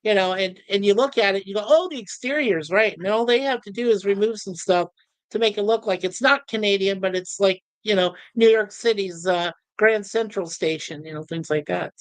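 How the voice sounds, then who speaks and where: A man's voice: high voice, steady tone, fairly quick, clear, resonant tone, no echo. A man co-hosting a casual chat, rambling with lots of fillers. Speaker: podcast co-host.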